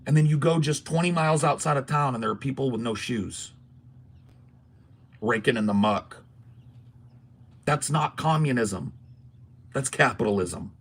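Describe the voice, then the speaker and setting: A man's voice: mid-range voice, moderate pace, long pauses. A man hosting a casual podcast, talking emphatically in a ranting, swearing style. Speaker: podcast host. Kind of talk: casual political podcast talk.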